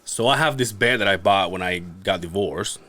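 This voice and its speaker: A man's voice: low voice, moderate pace, bright, forceful tone. A man guest on a comedy podcast, chatting casually and telling raunchy jokes with frequent laughter.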